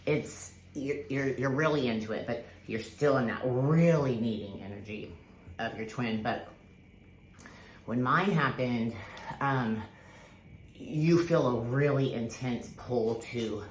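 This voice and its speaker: A woman's voice: rumbling low, a little slow. A woman telling a personal spiritual story in casual, rambling talk, full of fillers and restarts, with the odd swear word. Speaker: spiritual vlogger. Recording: echoey room with faint background hiss.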